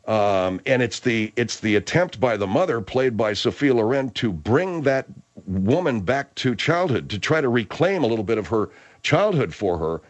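An excitable male radio host whose pitch leaps around as he argues. He talks fast and gets worked up in a comedy talk show. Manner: excitable, argumentative.

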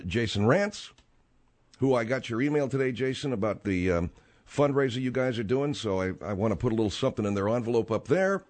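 Middle-aged man hosting talk radio. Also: lowish voice. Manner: exasperated, then smooth promo delivery. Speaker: radio talk show host.

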